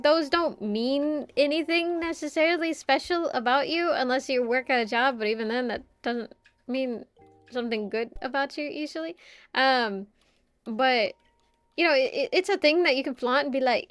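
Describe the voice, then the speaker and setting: A woman's voice: high-pitched, moderate pace, dry recording. A woman streamer chatting casually with her viewers, rambling and stumbling over repeated words, often laughing. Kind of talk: casual chat reading viewer comments.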